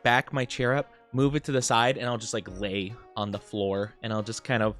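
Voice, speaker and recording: A man's voice: mid-range voice, level tone, moderate pace, fairly bright tone, faint music behind. A young man chatting casually on a live stream, upbeat and giggly as he greets his chat.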